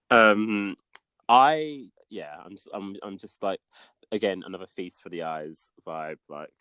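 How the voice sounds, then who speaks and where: A podcast co-host in casual chat, hesitant and soft-spoken, with many restarts. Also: deep voice, slow pace, no echo.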